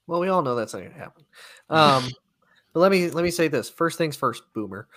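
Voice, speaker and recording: A man's voice: a little high, lively intonation, brisk, fairly bright tone. A man co-hosting a sports talk show, rambling easily through his points in a casual debate. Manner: rambling, frequent fillers and restarts, easygoing.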